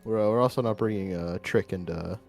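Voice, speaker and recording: A man's voice: fairly low pitch, brisk, vocal fry, darkish tone, faint music behind. A man chatting during a tabletop game, laid-back and matter-of-fact. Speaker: player. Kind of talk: casual chat.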